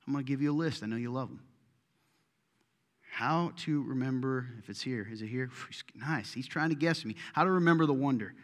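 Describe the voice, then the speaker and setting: A middle-aged man preaching a sermon to his congregation, swinging between loud bursts and hushed asides. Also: mid-range voice, moderate pace. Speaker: pastor. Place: church auditorium. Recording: reverberant hall.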